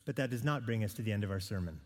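A man's voice: fairly low pitch, lively intonation, very fast. A man preaching a sermon, talking his listeners through a Bible passage in a conversational way, with asides, questions and restarts. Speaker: pastor. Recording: long reverb of a church hall.

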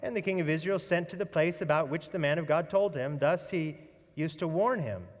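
A man preaching a sermon as pastor, telling the story with animated energy and folksy humorous asides, sometimes dropping to a hushed tone. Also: on the high side, brisk, in a large hall.

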